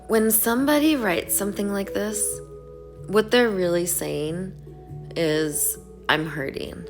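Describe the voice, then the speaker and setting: A woman talking to her viewers in a casual vlog, reading an email aloud slowly and then speaking in earnest affirmations. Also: medium pitch, faint music behind. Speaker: online creator reading out an email.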